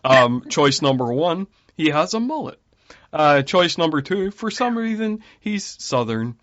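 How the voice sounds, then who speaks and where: A man's voice: fairly high pitch, sing-song, measured pace, fairly bright tone, no echo, dull audio. A man co-hosting a podcast, chatting casually about a film and sharing research facts. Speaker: podcast co-host.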